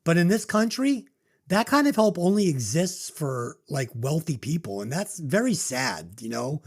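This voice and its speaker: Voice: medium pitch, big pitch swings, normal speed. A podcast co-host reviewing a movie in casual chat, emotional and choked up at times, swearing freely.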